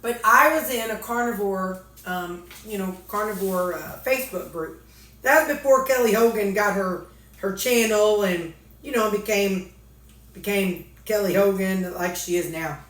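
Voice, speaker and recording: A weight-loss vlogger from Missouri speaks unhurriedly at medium pitch, her tone fairly bright and the room sound spacious. Folksy and joking, she chats casually between bites, talking through a mouthful.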